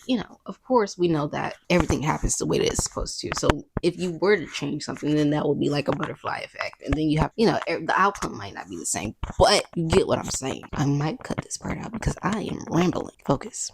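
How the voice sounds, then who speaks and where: A woman's voice: sits low, brisk, gravelly, hardly any pauses, a little mellow, no room sound, low-quality recording. A young woman, chatting casually as a podcast host, playful and rambling. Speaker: podcast host recapping a film. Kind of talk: casual chat.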